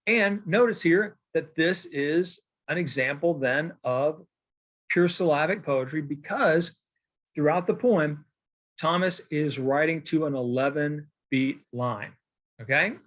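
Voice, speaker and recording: This recorded poetry lecture has lo-fi sound and features a man speaking slowly in a fairly high, fairly bright voice. His style is casual and rambling, packed with fillers and "okay?" check-ins, and he writes on a board to mark examples by hand.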